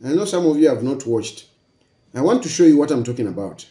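A man's voice: medium pitch, very animated, fast, mellow, echoey room. A Zambian man giving casual political commentary, emphatic and repetitive, full of rhetorical questions.

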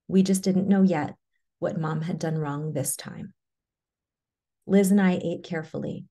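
A woman reading a personal story aloud in a measured, low-key way, then presenting to an audience. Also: dark tone. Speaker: webinar presenter.

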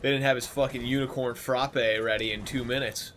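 A man co-hosting a gaming show, trading crude jokes and loud bursts of reaction. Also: medium pitch, fairly even intonation, brisk, a little hiss or hum. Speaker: gaming podcast co-host. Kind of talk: casual let's-play banter.

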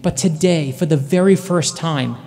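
A man in his forties delivers a commencement address with a notably high-pitched voice. He tells his stories earnestly and leans on dramatic pauses. The sound rings with the long reverb of a large hall. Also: darkish tone. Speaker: commencement speaker.

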